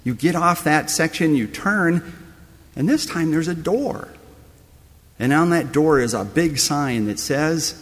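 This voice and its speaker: A man's voice: on the high side, animated, unhurried, in a large hall. A man preaching a sermon, telling a story that speaks straight to the listener as you. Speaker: pastor.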